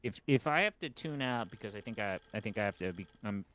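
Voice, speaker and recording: A man's voice: lowish voice, animated, fast, a bit bright, a little hiss or hum. A man co-hosting a stream, chatting casually and joking in a quippy way. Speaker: stream co-host. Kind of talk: casual chat.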